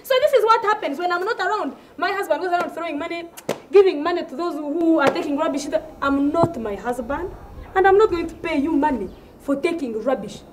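Ugandan English-accented woman comic, high voice, indignant rant, repeats herself. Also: fairly quick, a little hiss or hum. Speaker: comedian. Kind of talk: comedy sketch.

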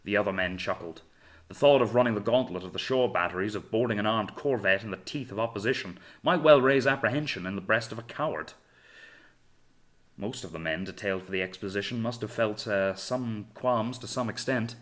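A man reading a novel aloud in measured, dramatic storytelling narration. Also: on the low side. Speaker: audiobook narrator. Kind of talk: scripted narration.

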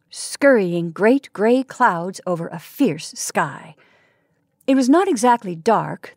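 A woman narrating a story aloud at a measured pace, her mid-pitched voice dry and close. She reads with expression but stays even. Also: no room sound.

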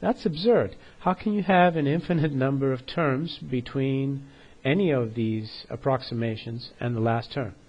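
A man who runs a math video channel delivers lecture-style commentary in a medium-pitched voice with fairly even intonation, normal speed and few pauses. The recording is muffled. He's scornful and combative, sounds out of breath, and keeps asking "okay?".

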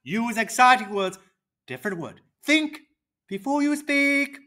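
A performer voicing a cheerful, confident teacher character who coaches children on speaking, in slow, deliberate, teacherly roleplay. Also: medium pitch, animated, pushed and bright. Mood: upbeat.

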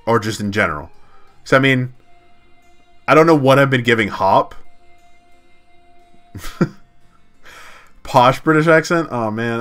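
A man's voice: medium pitch, sharp tone. A man chatting casually on a game live stream, laughing and self-deprecating, with lots of fillers.

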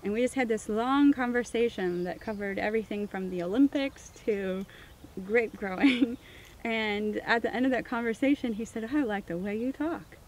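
A woman's voice: a little high, moderate pace, slight background noise. A woman from Missouri, a winemaker, telling her story in an interview and acting out the dialogue she quotes. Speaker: winemaker, guest.

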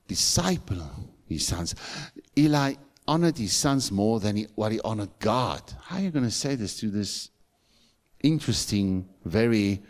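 In this church sermon, a middle-aged pastor with a South African accent tells stories, breaking into emphatic, rising calls. He has a lowish voice with a darkish tone.

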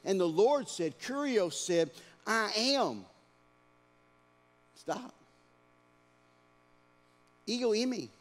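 A male pastor preaching a dramatic sermon in a church, swinging between hushed lines and shouted ones. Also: sits high, expressive, takes it slowly, long pauses. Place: church sanctuary. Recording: long church-hall reverb.

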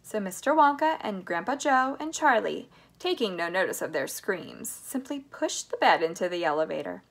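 A woman reading a children's novel aloud in an expressive, animated storytelling manner. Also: medium pitch, moderate pace, gravelly. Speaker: reader.

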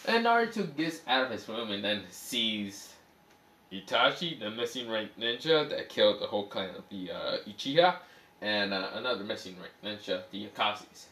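Man, casual storyteller, bright voice, rambling and cursing, fillers throughout. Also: lowish voice, animated, moderate pace. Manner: rambling, swearing, many fillers and self-corrections. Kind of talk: casual improvised fan-fiction storytelling.

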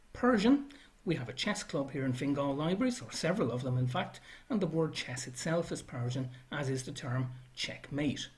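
A man's voice: on the high side, darkish tone. A man giving an educational library talk, listing words one by one with brief asides.

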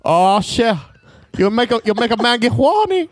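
Man plays a lusty Cajun swamp man in a put-on Cajun accent, very high and drawling. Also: sing-song, normal speed, dry recording. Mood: pleading. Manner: drawling, broken English. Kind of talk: improvised comedy bit.

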